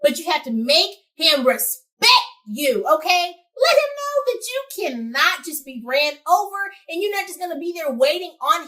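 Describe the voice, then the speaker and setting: Sassy high-voiced young woman host. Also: distant mic. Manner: sassy, animated, addresses listeners directly. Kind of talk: casual advice talk to camera.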